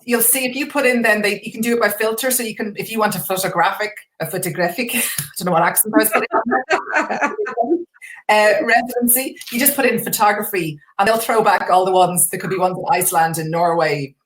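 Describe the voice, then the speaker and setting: A woman's voice: mid-range voice, fairly quick, fairly bright tone, a little hiss or hum. An Irish woman chatting casually as a guest on a live stream, enthusiastic and full of restarts. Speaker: guest artist.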